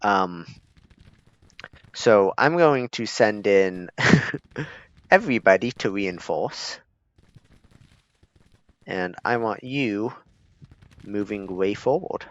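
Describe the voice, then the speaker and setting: Laid-back, slow-talking male gamer. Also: on the low side, lively intonation, no echo. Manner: laid-back, chuckling, self-deprecating. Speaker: gaming streamer. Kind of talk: strategy gameplay commentary. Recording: slightly dull lo-fi recording.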